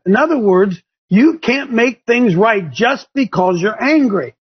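High-voiced husky man preaching on air. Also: lively intonation, a little slow, hardly any pauses. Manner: impassioned, rising to near shouts. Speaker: host of a Christian talk show. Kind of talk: preaching to a call-in show. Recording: dull lo-fi broadcast audio.

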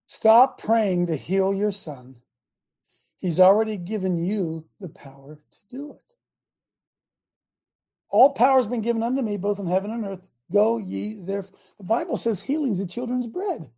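A male host who preaches with force, quoting scripture and stopping a clip to drive his point home. His voice is gravelly and husky. He talks in an emphatic, urgent manner. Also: sits high, lively intonation, normal speed. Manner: emphatic, quotes scripture, bursts into shouts. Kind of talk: preaching commentary over a played clip.

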